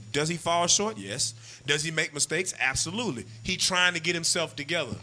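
A man preaching a street-style sermon, animated and slangy, acting out what husbands and wives say. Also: on the high side.

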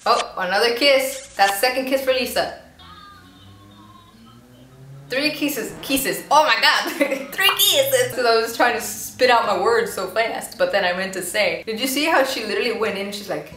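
A woman's voice: a little high, expressive, normal speed, a bit bright, faint music behind. Chatty young woman in an echoey room. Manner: chatty, giggly, voices the people on screen playfully. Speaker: YouTube reaction host. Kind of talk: casual reaction commentary. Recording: echoey room with faint noise.

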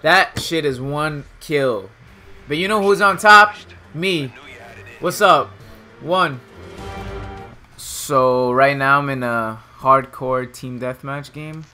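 A young man giving casual, trash-talking commentary while he plays a shooter game, and he jumps up to shouting when things go wrong. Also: on the high side, faint music behind. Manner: trash-talking, excitable, quick swings to shouting. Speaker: gameplay streamer. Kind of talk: casual live commentary over gameplay.

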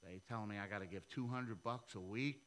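Middle-aged pastor preaching, bright voice, acts out the voices in his stories. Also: fairly low pitch, a little fast, slight background noise, poor audio. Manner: animated storytelling, acts out dialogue in a raised voice. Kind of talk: sermon.

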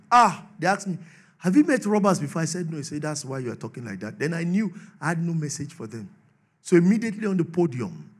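A Nigerian man preaching a sermon, swinging from shouted declarations to low asides and laughing often. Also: breathy edge. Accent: Nigerian English. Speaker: pastor.

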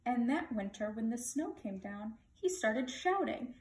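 A woman greeting schoolchildren and reading a picture book aloud in a friendly, expressive way. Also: a little high, measured pace, few pauses, far from the mic. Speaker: storybook reader for schoolchildren. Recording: echoey room.

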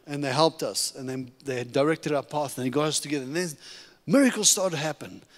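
Middle-aged guy from africa preaching his testimony, pretty high voice, big reverb church hall. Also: brisk. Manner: animated, humorous storytelling. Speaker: guest preacher. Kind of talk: testimony sermon. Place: church sanctuary.

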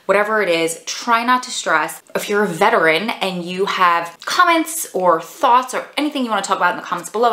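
A woman's voice: mid-range voice, bright, forceful tone. A woman in her forties, short of breath, chatting casually to camera as a vlogger, rambling with lots of "like". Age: 40s. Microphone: phone camera. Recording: echoey room.

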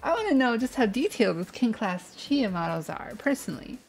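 A woman voicing a brash, sleazy middle-aged male news boss in a video game, talking tough and gruff. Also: fairly high pitch, sing-song, brisk, faint music behind. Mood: crude.

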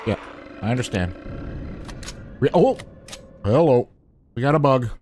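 A man's voice: mid-range voice, expressive, unhurried, darkish tone, a little hiss or hum. Chatty man talking over a game. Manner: chatty, talks to enemies with mock politeness. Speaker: gaming channel host. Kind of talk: casual gameplay commentary.

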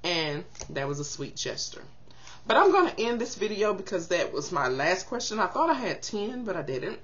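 Older lady chatting to her camera, super expressive, acts out what people say, muffled lo-fi sound. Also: mid-range voice, normal speed. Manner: animated, expressive, laughs and acts out quotes. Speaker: vlogger giving zodiac advice. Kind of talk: casual chat to camera.

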